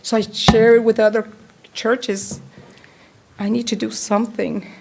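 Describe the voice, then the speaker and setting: A woman giving an emotional public comment at a city council meeting, speaking with a heartfelt, halting delivery. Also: on the high side, little pitch movement, gravelly, noisy background. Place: council chamber.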